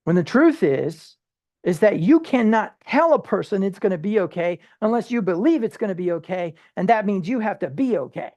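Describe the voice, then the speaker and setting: A Bible study teacher speaking informally, with many rhetorical questions and quick restarts, sometimes acting out everyday people in short quoted asides. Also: medium pitch, big pitch swings, darkish tone, dull audio.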